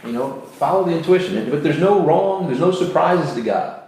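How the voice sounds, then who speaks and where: A man with a slightly high, animated voice and a darkish tone speaks at a moderate pace. He hosts a casual conversation about faith, earnestly telling personal stories and acting out the voices in quotes, and he grew up in New York State. The recording comes from an echoey room near a beach, with faint ambience.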